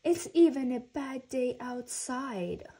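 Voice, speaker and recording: A woman voicing a grumpy young boy turtle in a storybook, with loud whiny outbursts. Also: high-pitched, lively intonation, slow, husky, voice pushed up, full character voice. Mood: grumbling.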